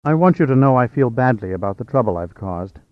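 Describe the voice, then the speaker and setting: A man voicing a confident, flirtatious adult woman with a direct, brisk manner. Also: mid-range voice, expressive, dry recording, close to an everyday voice. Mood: earnest. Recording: slightly dull, dry.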